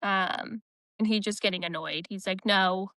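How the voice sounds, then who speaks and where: A woman's voice: medium pitch, normal speed, pushed and bright, dry recording. A woman co-hosting a book podcast, recapping chapters in casual chat and quoting the characters' lines in her own voice.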